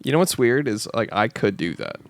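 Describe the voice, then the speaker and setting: A hungover young man co-hosts a podcast and teases his friends in casual chat. His pitch swings up and down a lot as he talks. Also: lively intonation, brisk, no echo, studio quality. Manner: teasing, joking. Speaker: podcast co-host.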